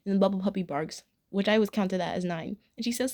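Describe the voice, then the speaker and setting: A woman's voice: mid-range voice, fairly quick, darkish tone. A young adult woman giving a casual spoken review of a cartoon episode, rambling and gushing, full of fillers and restarts.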